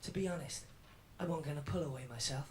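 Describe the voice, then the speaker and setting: A man's voice: fairly high pitch, fast talker, background noise, close to an everyday voice. An actor playing an edgy young male stand-up comic in his twenties with a Welsh accent, telling a swaggering routine in a radio drama. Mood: defiant. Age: 20s. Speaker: comedian performing a routine.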